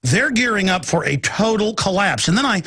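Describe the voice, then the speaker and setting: A man's voice: high voice, lively intonation, normal speed, pushed and bright, breathy edge. A man hosting a talk radio show, delivering an impassioned monologue with an intense, ranting manner, repeating phrases and stammering into restarts.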